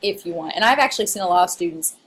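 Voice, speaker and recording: A woman's voice: fairly low pitch, expressive, rapid-fire, slight background noise. Chatty woman lecturing on poetry. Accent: Southern Illinois. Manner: chatty, laughs often, playful asides. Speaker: college English instructor. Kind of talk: recorded lecture.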